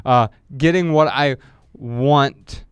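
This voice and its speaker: A middle-aged man co-hosting a podcast, chatting and reading his own writing aloud with lively storytelling. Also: medium pitch, takes it slowly, smooth, no echo. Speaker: podcast co-host.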